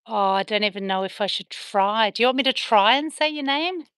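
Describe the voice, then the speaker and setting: Bright, dry-sounding Australian woman, chatty livestream host answering comments, coos at her dogs. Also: fairly high pitch, lively intonation, brisk, clean tone, no echo. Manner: chatty, reads and answers viewer comments, soft baby talk to the dogs. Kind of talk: casual livestream chat with viewers. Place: at home on a veranda.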